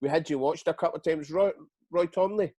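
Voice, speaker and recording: A man's voice: on the high side, brisk, dark tone, dry recording. A middle-aged Scottish man, a retired footballer, telling his career stories in a casual interview, swearing freely and acting out what others said. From Scotland.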